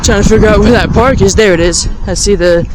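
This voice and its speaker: A high-voiced man talks fast while vlogging outdoors by a river bridge in a small town, recording on a handheld camera in very noisy conditions. Chatty and easily amazed, he speaks straight to his viewers during the casual walking vlog.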